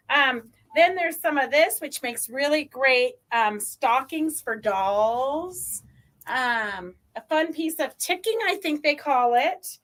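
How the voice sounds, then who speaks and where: A woman with a high, somewhat bright voice hosts a live sewing show. She chats casually and rambles, saying um often while showing off fabric.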